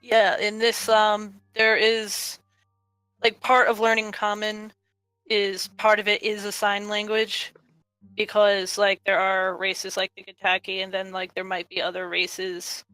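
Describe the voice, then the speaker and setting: A woman's voice: medium pitch, completely flat delivery, a little slow, sharp tone, clean tone, no echo, faint music behind, low-quality recording. A woman chatting in a tabletop game session, rambling and hunting for words with many fillers. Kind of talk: casual tabletop game chat.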